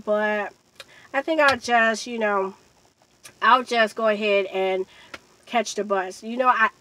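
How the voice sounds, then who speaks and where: Animated young woman telling a story. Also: a little high, poor audio. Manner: conversational, animated when quoting others. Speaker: vlogger. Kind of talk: storytime monologue.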